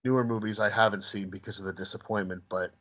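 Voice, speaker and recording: A man's voice: lowish voice, fairly even intonation, fast talker, a bit bright, low-quality recording. A man co-hosting a casual podcast, talking in a hesitant way with frequent restarts. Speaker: podcast co-host.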